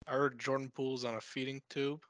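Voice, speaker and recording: Mid-pitched male co-host, deadpan, crude, dry close mic. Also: quick pace, no room sound. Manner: deadpan dark humor, swears, fillers like "like". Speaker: podcast co-host. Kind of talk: casual crude chat.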